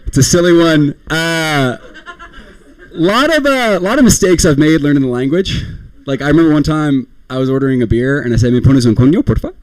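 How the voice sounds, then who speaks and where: A man's voice: a little high, animated, normal speed, dry recording. A young man performing a rambling, self-deprecating stand-up comedy set, often laughing at his own jokes.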